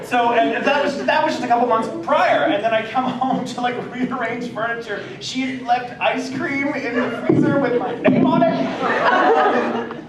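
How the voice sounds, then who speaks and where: A man's voice: extremely high pitch, normal speed, very noisy. A man telling a story at a convention panel, laughing often and acting out the people he quotes. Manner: laughing, excitable, acts out quotes. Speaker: voice actor guest on a convention panel. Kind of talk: animated storytelling at a fan panel. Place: large convention hall. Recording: echoey hall from far off, loud crowd.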